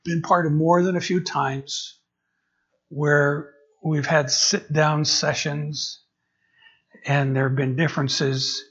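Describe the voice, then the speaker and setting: A man preaching a sermon as a transitional pastor, his voice husky and pitched a little high. He stumbles and repeats words as he works toward each point. The recording is dull and lo-fi. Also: level tone, a bit bright. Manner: halting, repeats words while searching for phrasing. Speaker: interim pastor.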